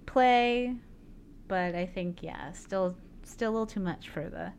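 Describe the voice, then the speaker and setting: A woman's voice: medium pitch, measured pace, a little mellow, a little hiss or hum. A young woman co-hosting a podcast, chatting casually and swearing offhandedly. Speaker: podcast co-host. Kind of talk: casual chat.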